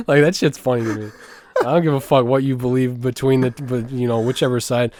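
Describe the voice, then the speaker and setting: Crude, joking young podcast co-host. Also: male voice, mid-range voice, steady tone, moderate pace, darkish tone, dry recording, clean studio sound. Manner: crude, joking, swears often. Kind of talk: casual comedic chat.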